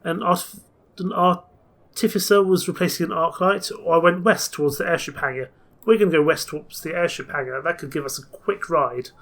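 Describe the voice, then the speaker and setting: A man's voice: on the high side, brisk, fairly bright tone. A man playing a story game, reading its text aloud and chatting about his choices. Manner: chatty, mixes reading with plans. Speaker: game player.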